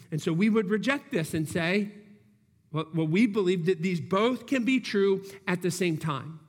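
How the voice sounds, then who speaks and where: A man with a high-pitched voice preaches a sermon in a church hall with a long reverb. He works through his points earnestly, restarting phrases as he reasons aloud. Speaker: pastor.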